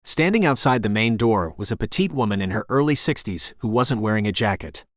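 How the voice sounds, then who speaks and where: A man narrating a romance audiobook in the first person, in an even storytelling manner. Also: lowish voice, a little fast, no echo, studio quality.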